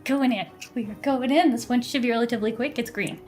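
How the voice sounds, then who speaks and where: A woman's voice: on the high side, quick pace, darkish tone, soft background music. A woman game streamer chatting casually with her viewers and teammate while she plays, bubbly and full of fillers and frequent laughter. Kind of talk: casual live-stream chat while gaming.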